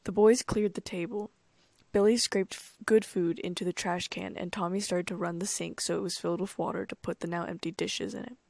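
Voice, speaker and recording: Gravelly low-voiced woman narrating. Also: steady tone, a little fast, a little mellow, dry recording. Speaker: audiobook narrator. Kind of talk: scripted first-person audiobook narration.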